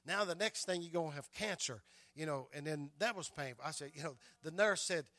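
A man's voice: on the high side, fairly quick, bright, forceful tone, no room sound. Older male pastor, storytelling sermon, repeats himself, amen-heavy, dry and close. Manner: storytelling preacher, repeats words and adds "amen" often.

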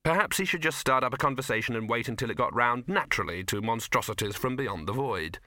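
A man narrating a comic fantasy novel as an audiobook, in a dry, measured storytelling manner, recorded close to the mic. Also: medium pitch, expressive, bright, forceful tone, no room sound. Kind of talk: scripted narration.

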